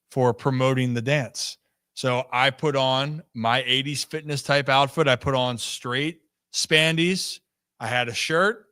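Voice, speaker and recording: A man hosting a casual sports talk show, his voice bright and forward. He is upbeat and playful, and he drifts easily into stories for his co-hosts. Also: mid-range voice, clean tone, no echo, clean studio sound. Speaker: host.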